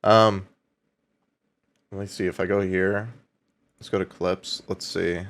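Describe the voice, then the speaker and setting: A man's voice: low voice, level tone, slow. A young man live-streaming in a casual chat, swearing freely, laughing often and reading out viewer donations.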